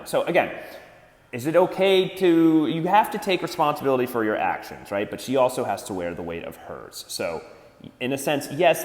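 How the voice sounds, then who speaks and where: A man rants dating advice in a blunt, profane way, with a lot of swearing. His voice swings widely in pitch as he drives his points home. The room is roomy, with a long reverb trailing behind him. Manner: blunt and swearing, animated, mocks others in put-on voices. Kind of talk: profane ranting advice monologue.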